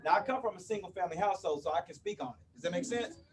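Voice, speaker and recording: In an event room before a live crowd, a roughly fifty-year-old man delivers a playful, chatty motivational talk, bantering and often asking "you with me?". He speaks very fast in a high-pitched voice, far from the mic.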